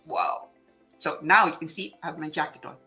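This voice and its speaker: Bright, animated woman host. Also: low voice, normal speed, faint music behind. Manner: chatty, switches languages mid-sentence, many fillers and restarts. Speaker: lawyer hosting a weekly legal show. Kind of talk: live-stream chat reading viewer comments.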